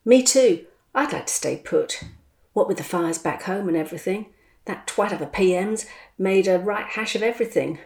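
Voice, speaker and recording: A woman voicing a chatty, blunt expat man, talking in a lively, slangy way. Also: mid-range voice, normal speed, vocal fry, close to an everyday voice. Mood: matey. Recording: roomy echo.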